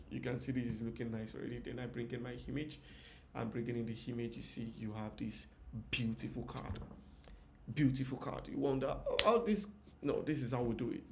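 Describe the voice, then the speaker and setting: A man of average pitch giving a casual live design lesson. He talks in a chatty, looping way, often repeating his phrases and speaking straight to viewers in the comments. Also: darkish tone, a little hiss or hum. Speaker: UI designer teaching.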